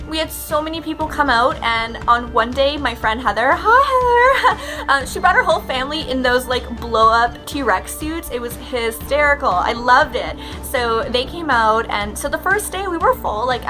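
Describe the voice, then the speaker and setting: A chatty, bubbly woman, talking casually to the camera in a vlog. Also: mid-range voice. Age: 30s. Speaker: professional mermaid vlogger.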